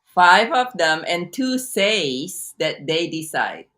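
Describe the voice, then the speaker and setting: A woman coach speaks as a guest on a video call, her voice sitting low. She talks casually and haltingly, restarting and repeating phrases as she works through her points and stories. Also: sing-song, a bit bright. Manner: halting, many restarts and repeats, teaching by story. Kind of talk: casual interview talk.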